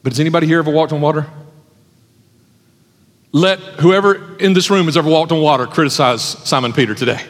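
High-voiced male pastor preaching in a hall. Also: fairly quick, pauses often. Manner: emphatic preaching with repeated phrases. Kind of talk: sermon. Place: church hall with an audience. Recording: long hall reverb.

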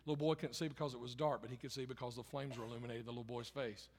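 A pastor preaching a sermon in a conversational way, rising loud for emphasis and dropping quiet and low, repeating phrases. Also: male voice, fairly even intonation, racing. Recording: long hall reverb.

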